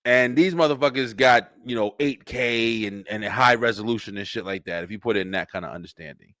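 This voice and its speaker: A man hosting a webshow, talking in a rambling, profane, animated livestream monologue with lots of fillers and repeats. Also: lowish voice, fairly quick, no echo, clean studio sound. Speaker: webshow host.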